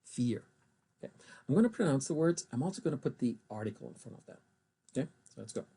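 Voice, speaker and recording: A man teaching German, spelling out abbreviations and pronouncing German words slowly and carefully between English explanations. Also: mid-range voice, animated, warm tone, slightly rough. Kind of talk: recorded language lesson.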